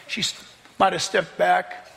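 Male preacher, lively and conversational, high and animated, with a long hall echo. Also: a little slow, gravelly. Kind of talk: sermon.

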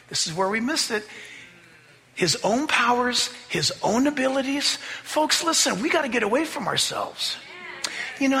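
A male pastor with a high, sharp-toned voice preaches an emphatic sermon, heard with a long reverb tail. He reads scripture aloud, spells out key words and acts out the quoted voices.

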